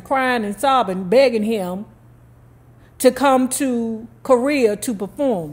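A woman's voice: medium pitch, a little mellow. A woman telling a true story, reading it out and breaking off for casual, emphatic commentary. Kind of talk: storytelling narration with asides.

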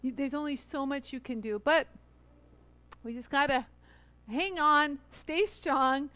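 A woman's voice: high-pitched, unhurried, sharp tone. A woman hosting a live jewelry-tool stream, chatting casually and greeting viewers one by one in an effusive way. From Los Angeles area. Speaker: livestream host demonstrating jewelry tools. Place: studio bench under bright lights.

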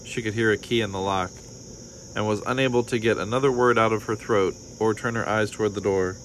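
Man calmly reading a storybook. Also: lowish voice, fairly quick, a little hiss or hum, poor audio. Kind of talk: reading a picture book aloud.

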